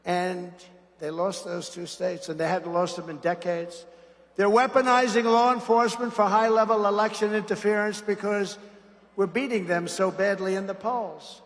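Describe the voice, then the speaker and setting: A man's voice: high-pitched, fairly even intonation, normal speed, fairly bright tone, long reverb tail. A boastful, sarcastic man giving a campaign rally speech as a political speaker.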